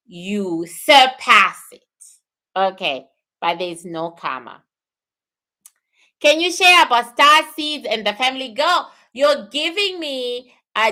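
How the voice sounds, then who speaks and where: A woman talks on a livestream in a bright, forceful voice, pitched a bit high for a woman. She reads out viewer questions and comments. She repeats her key phrases for emphasis. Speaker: spiritual livestream host. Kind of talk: live-stream talk answering viewer questions.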